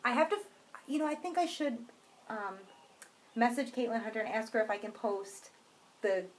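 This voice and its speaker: A woman co-hosting a crafts podcast in casual chat, self-deprecating and quick to laugh. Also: on the high side, expressive, a little hiss or hum, low-quality recording. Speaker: podcast co-host.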